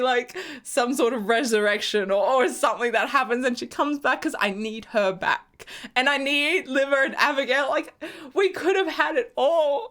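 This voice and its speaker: Emotional gushing young woman, slow talker. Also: high-pitched, fairly bright tone. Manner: gushing, emotional, laughing through sighs. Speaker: fan channel host. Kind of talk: casual TV episode reaction.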